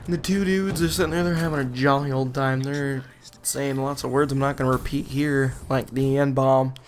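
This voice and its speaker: A man's voice: medium pitch, steady tone, normal speed, faint music behind. A young man casually telling a rambling, exasperated story on his vlog, often laughing as he goes. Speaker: gaming channel vlogger.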